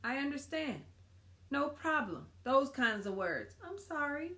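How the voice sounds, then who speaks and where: A woman's voice: sits high, sing-song, measured pace, sharp tone. A woman hosting a faith-based marriage tips talk, earnest and encouraging, often repeating phrases for emphasis. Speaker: marriage ministry host.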